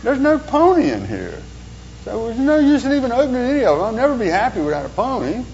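A despairing, whiny six-year-old boy, as a preacher puts him on in a story. He sounds high and thin, with a sulky edge. The sound is dull and lo-fi, with a faint hum underneath. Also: huge pitch swings, fast talker, a little mellow, heavily acted. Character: whiny gloomy little boy, about six.

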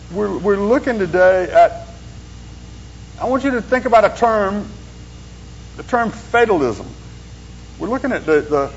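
A male pastor gives an informal sermon. He tells stories in a loose, folksy way and drops in joking asides, and his voice sits a little high. The recording is dull and lo-fi, with a faint hum.

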